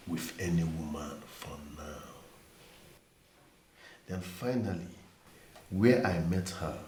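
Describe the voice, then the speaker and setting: A man's voice: low voice, roomy sound, slight background noise. An actor with a Nigerian accent playing a self-assured young businessman who speaks in a dismissive, firm way.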